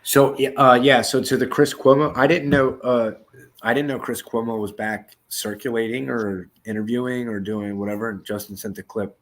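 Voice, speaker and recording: A man's voice: medium pitch, steady tone, moderate pace, a bit bright. Profane, laughing podcast host man. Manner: loose, profane, laughs often. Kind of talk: casual chat.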